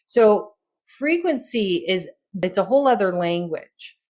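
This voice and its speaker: Animated woman giving a motivational talk. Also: a little slow. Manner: animated, acts out quoted lines with big pitch jumps. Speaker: podcast host and wellness speaker.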